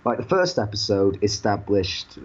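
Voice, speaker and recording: A young man co-hosting a casual review podcast from his bedroom, animated and lively in retelling. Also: lowish voice, slightly rough, lo-fi sound. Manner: animated retelling with quick voice impressions. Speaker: podcast co-host.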